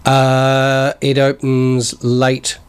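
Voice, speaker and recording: A man in his sixties, born in northern England and raised in New Zealand, sits as a guest in a community TV studio, chatting casually in a rambling, jokey way. His medium-pitched voice is smooth and monotone, with drawn-out words, and his New Zealand accent carries northern English traces.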